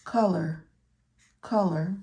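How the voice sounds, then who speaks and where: A woman with a lowish voice takes her time teaching medical coding one step at a time, with background noise behind her. She repeats important words and answers the questions she raises herself in this tutorial walkthrough.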